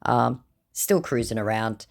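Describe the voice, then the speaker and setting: A woman's voice: extremely low pitch, measured pace, creaky. An Australian woman hosting a vlog, telling stories of baiting scammers in a sarcastic, mocking manner. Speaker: host.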